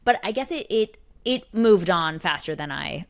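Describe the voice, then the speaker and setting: Animated woman podcast co-host. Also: lowish voice, moderate pace. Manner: animated, laughs often, acts out quoted lines. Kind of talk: casual chat.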